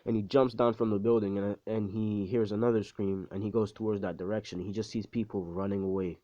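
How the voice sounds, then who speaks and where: This storyteller's low voice is mellow, his delivery flat and brisk as he casually recounts a fan story. It's a rambling telling heavy with swearing and fillers, captured in dull, dry lo-fi sound.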